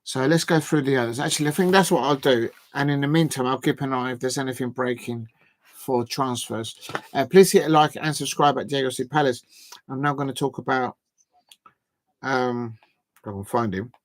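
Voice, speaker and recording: A man's voice: mid-range voice, normal speed. A man hosting a live football transfer show, chatty and hesitant, with lots of fillers as he reads out quotes.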